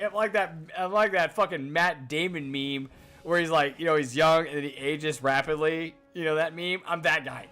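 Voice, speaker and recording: A man's voice: on the high side, fairly even intonation, moderate pace, pushed and bright, soft background music. Rambling, swearing male game streamer. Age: 30s. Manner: rambling, swears a lot, talks to chat. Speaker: gaming streamer. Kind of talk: casual live-stream chat while playing.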